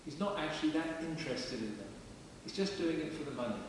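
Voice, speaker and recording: A man's voice: fairly high pitch, lively intonation, fast. A man preaching a sermon in a parish church, in a chatty, plain-spoken way. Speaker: vicar. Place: large stone parish church. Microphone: distant camera mic. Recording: echoey church from far off with hiss.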